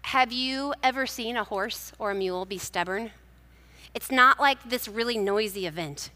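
Woman preacher, bright, crisp voice, conversational storytelling sermon, live hall with a long echo. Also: on the high side, normal speed. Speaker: speaker at a church gathering. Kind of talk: personal devotional sermon.

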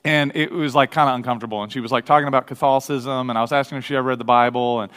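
A man's voice: mid-range voice, steady tone, very fast, fairly bright tone, clean tone. A man from the American Midwest preaching a sermon in a conversational way, telling personal stories with many restarts and acted-out quotes. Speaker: pastor. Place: church sanctuary. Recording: long reverb of a large hall.

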